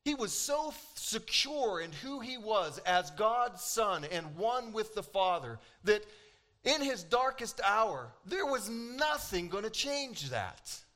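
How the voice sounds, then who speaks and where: A man preaching a sermon as pastor, animated and emphatic, acting out quoted lines with dramatic pauses. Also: sits high.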